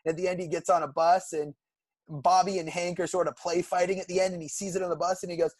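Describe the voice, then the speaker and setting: A man's voice: on the high side, flat delivery, fast talker, a little mellow, no echo. A young man from California, co-hosting a podcast and eagerly retelling cartoon episodes in casual chat. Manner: enthusiastic, recounts plots at length. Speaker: podcast co-host.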